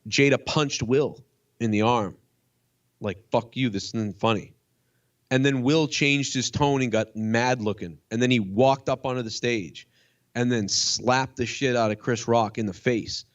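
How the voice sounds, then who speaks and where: A man, a comedian, chatting casually as a guest, rambling and swearing as he tells a story excitedly. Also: medium pitch, a little slow, dull audio. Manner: profane, rambling, excitable ranting. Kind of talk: casual chat.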